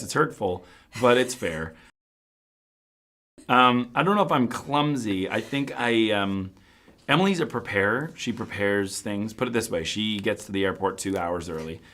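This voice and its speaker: A man's voice: lowish voice, fairly bright tone. A man from Boston in his forties, chatting casually as an interview guest in a joking, self-deprecating way with frequent laughs. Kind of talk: casual chat.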